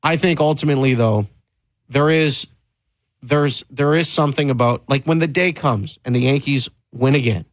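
An emphatic male sports-talk host who speaks his mind bluntly, often restarting phrases and pushing his voice up for stress. His pitch is an ordinary male middle, and the sound is close and dry with no room around it. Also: normal speed, no echo, low-quality recording. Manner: emphatic and candid, with frequent restarts and rising stress.

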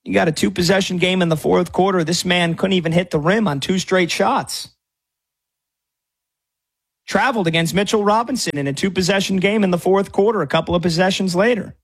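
Brash high-voiced sports radio host. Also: male voice, fairly quick, husky. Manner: brash, mocking, argumentative. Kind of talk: sports talk commentary.

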